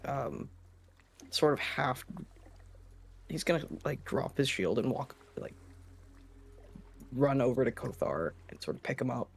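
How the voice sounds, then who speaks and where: A man playing a tabletop game, narrating his character's actions in a hesitant, gentle way. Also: medium pitch, very animated, measured pace, creaky, pauses often, slightly rough. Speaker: player. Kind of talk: casual tabletop play.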